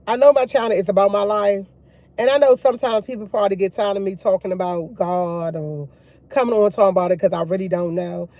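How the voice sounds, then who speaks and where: A woman's voice: mid-range voice, warm tone, no room sound. A woman vlogger talking casually to her viewers about faith, rambling with many restarts and addressing them as y'all. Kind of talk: casual faith chat to camera.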